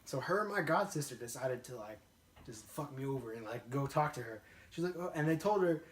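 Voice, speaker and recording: A man's voice: medium pitch, expressive, a little fast. A young man telling a laid-back, slangy story in casual chat, often breaking into laughter. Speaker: guest storyteller. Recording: roomy echo.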